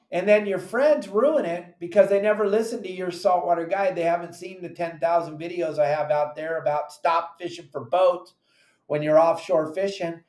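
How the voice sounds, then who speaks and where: A man hosting a fishing podcast as a captain, giving casual, animated advice and acting out his friends' lines. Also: high-pitched, normal speed, echoey room. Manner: animated, acts out friends' voices in quotes.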